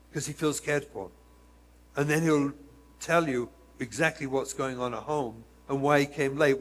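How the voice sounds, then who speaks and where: A man's voice: fairly high pitch, long reverb tail. A man, a rabbi, giving an earnest storytelling lecture and speaking directly to his listeners.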